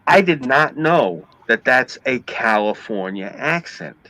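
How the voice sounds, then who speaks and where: A man's voice: mid-range voice, slow, no echo, rough recording. A man with a New York accent, ranting and swearing in casual chat as a stream host. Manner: ranting, profane, animated storytelling.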